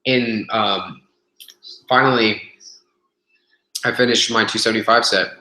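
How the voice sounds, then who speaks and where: A young man tells a rambling story on a casual webcast, cursing freely and stumbling over fillers and restarts. His lowish voice has a bright, forceful edge. The webcam sound carries a lot of echo from the room. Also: steady tone, a little slow. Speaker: vlogger telling a gym story. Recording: echoey room webcam audio.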